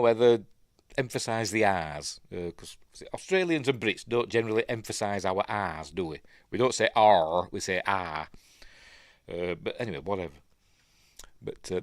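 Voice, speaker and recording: A man's voice: lowish voice, very animated, brisk, no room sound, clean studio sound. A man with a Yorkshire accent talks through a film in a casual, rambling way, full of ums and asides. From Yorkshire, England. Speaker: film reviewer.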